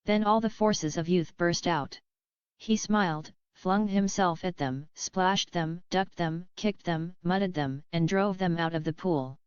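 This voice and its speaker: A woman reading a classic novel aloud as scripted narration, in a measured way. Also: fairly low pitch, clean tone, no room sound, lo-fi sound. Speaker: audiobook reader.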